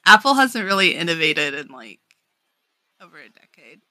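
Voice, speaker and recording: A man's voice: fairly high pitch, big pitch swings, normal speed, bright, forceful tone, dry recording. A young man co-hosting a podcast, chatting casually, laughing often and using lots of fillers. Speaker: podcast co-host. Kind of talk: casual chat.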